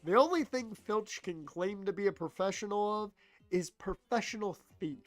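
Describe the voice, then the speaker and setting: A man's voice: high-pitched, lively intonation, moderate pace, dry recording. A congested man streaming a video game and reacting with profane, joking commentary. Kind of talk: let's play commentary.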